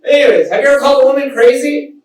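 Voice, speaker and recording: High-voiced young male stand-up comic, echoey. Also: racing, a little hiss or hum. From Texas. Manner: animated storytelling, laughing at his own jokes. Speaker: stand-up comedian. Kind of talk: stand-up comedy set. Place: live comedy stage in a small theater. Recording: echoey live room from far off.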